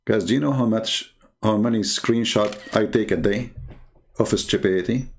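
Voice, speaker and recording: A man in a polemical monologue who answers critics in a mocking, combative way and rises to loud, indignant outbursts. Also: fairly low pitch, moderate pace, vocal fry. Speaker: religion critic answering viewers.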